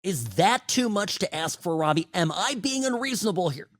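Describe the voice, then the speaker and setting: A middle-aged man hosting a talk radio show, delivering an opinionated, sarcastic monologue that swings between loud outbursts and hushed asides. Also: high-pitched, lively intonation, moderate pace, no echo.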